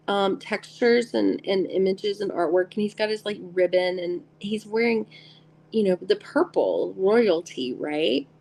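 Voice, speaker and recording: A woman's voice: mid-range voice, vocal fry, a little mellow, rough recording. A middle-aged woman hosting a live tarot stream, chatting casually and giggling as she greets viewers by name.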